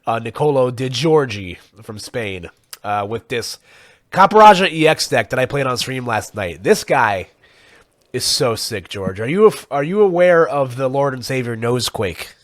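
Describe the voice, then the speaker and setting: Male podcast co-host, mid-pitched, loose and rambling with fillers, dry close-miked sound. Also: expressive, normal speed, no echo. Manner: rambling, full of fillers, chuckles often. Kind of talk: casual chat.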